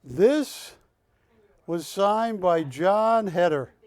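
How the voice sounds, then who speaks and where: A high-pitched man works a live shopping-channel auction, chatty and jokey as he calls out bids and counts them down. He talks at an unhurried pace, and the studio sound is close and dry. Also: lively intonation, a little mellow, no room sound. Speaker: auction host.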